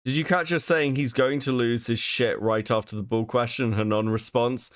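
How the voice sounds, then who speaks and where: This podcast co-host has a mid-range, clean-toned voice and talks at normal speed, recorded in a clean studio with no room sound. He's chatting casually while reacting to a video, sounding animated and disbelieving, with frequent swearing.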